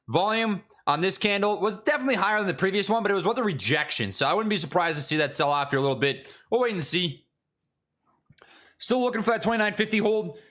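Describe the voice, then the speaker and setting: A young man chats casually on his trading stream, slangy and jokey. His voice is high and bright, and his pitch swings widely as he gets excited. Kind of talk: casual livestream chat.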